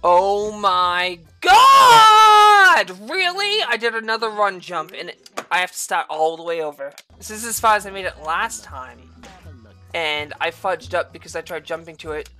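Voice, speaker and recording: A woman yelling and swearing at a video game as she plays, bursting into furious shouts. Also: fairly low pitch, fairly quick, faint music behind. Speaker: gaming video creator. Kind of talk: angry gameplay commentary.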